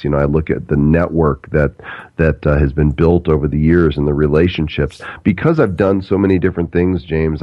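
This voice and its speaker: A man's voice: low-pitched, dry recording, muffled recording. A man being interviewed as an entrepreneur and speaker, talking in an upbeat, expansive way and repeating words as he thinks. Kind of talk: conversational interview answers.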